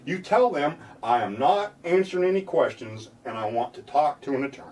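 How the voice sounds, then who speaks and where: A man's voice: a little high, expressive, fairly quick. Plainspoken man explaining, mic at a distance. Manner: plainspoken, acts out police lines in a loud mocking voice. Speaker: defense lawyer. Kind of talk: explainer talk to camera.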